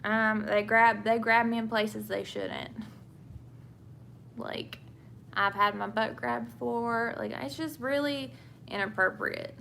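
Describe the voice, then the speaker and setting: Taking it slowly, a young woman speaks in a fairly high, creaky voice, pushed and bright, with fairly even intonation. She's a nurse and vlogger from England with a Southern US accent, chatting about her work while doing her makeup and answering viewer questions with plenty of fillers and restarts. Slight background noise is audible.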